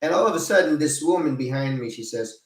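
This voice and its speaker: A retired man in his fifties telling a casual, animated story, laughing, cursing and acting out both sides of an argument. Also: a little high, fast talker. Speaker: retired vlogger. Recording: roomy, mic set at a distance.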